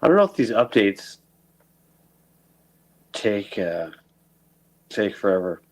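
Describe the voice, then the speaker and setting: A man's voice: lowish voice, sing-song, slow pace, poor audio. A man on a livestream ranting with dismissive, profane exasperation about someone arguing in bad faith. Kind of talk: frustrated livestream rant.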